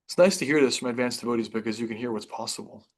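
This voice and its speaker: A man's voice: mid-range voice, very fast. Male class teacher, reads scripture and talks it through informally, reflective, with restarts. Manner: conversational, reflective, with restarts and softer asides. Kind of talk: reading and explaining scripture to a class.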